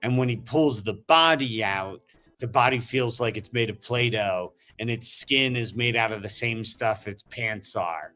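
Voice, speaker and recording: A man's voice: on the low side, measured pace, bright, forceful tone. A man hosting a casual miniature-painting chat, rambling enthusiastically as he tells stories. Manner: chatty, rambling, enthusiastic storyteller.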